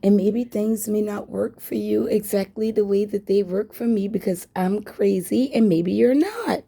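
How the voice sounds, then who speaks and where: A woman's voice: mid-range voice, expressive, normal speed, vocal fry, few pauses, dark tone, husky. A woman telling a story to her viewers in a blunt, frank way, with swearing. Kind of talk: casual story time.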